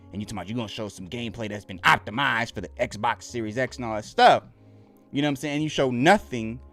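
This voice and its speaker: Animated man ranting on a live stream. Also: mid-range voice. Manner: animated, laughing, swearing, loud whoops. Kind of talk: casual live reaction stream chat.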